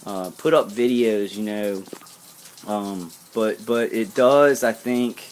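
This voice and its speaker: A man's voice: fairly low pitch, takes it slowly. A man talking casually to his viewers, rambling and earnest, often breaking off and restarting his sentences. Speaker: vlogger.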